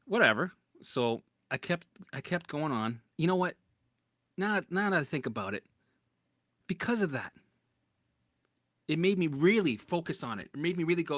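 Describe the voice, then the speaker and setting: Man, recovery coach, blunt and cursing, bright forceful voice, dry close sound. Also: fairly high pitch, moderate pace, pauses often, dry recording. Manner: blunt, profane, animated. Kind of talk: casual motivational talk to camera.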